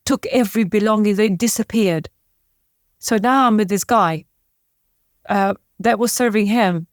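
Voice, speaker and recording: An emotional interview story comes from a tearful podcast guest whose mid-range voice is captured dry and close. She speaks haltingly, breaking off and starting over many times.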